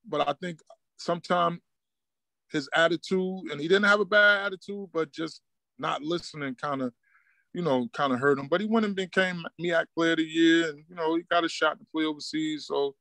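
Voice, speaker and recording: Newark coach guy, chill and chatty, kinda high voice. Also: moderate pace, gravelly, pushed and bright, no echo. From Newark, New Jersey. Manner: laid-back street talk, acts out quoted dialogue. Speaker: high school basketball coach, guest. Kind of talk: casual storytelling interview.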